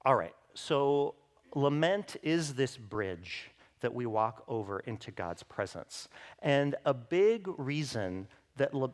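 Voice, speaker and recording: A male pastor delivers a sermon with emphasis, raising his pitch and volume whenever he reads scripture aloud. He talks directly to the congregation, checking in often with "right?".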